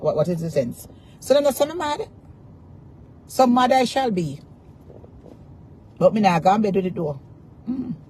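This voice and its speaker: A woman's voice: mid-range voice, a little mellow, slight background noise. A Jamaican woman ranting defiantly to her followers, cursing in Patois and repeating taunts. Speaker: social media personality. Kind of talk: angry rant to camera.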